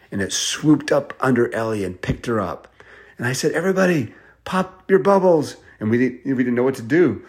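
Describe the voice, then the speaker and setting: A man telling an improvised bedtime story. He jumps into high, excited voices for the characters and drops to a hushed tone at the tense parts. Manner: drops to a soft, hushed voice at suspenseful moments.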